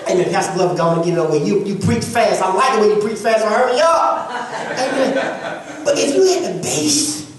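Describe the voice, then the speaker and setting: A woman's voice: medium pitch, brisk, crowd noise. Emphatic woman preaching in an echoey church. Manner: emphatic call-and-response preaching with repeated phrases. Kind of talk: sermon. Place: church sanctuary with congregation. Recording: echoey church hall from far off.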